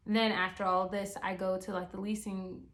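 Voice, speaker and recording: A woman's voice: medium pitch, little pitch movement, moderate pace, fairly bright tone. A young woman vlogger in casual storytime mode. She is chatty and exasperated, peppers her talk with fillers, and speaks in a mid-range voice.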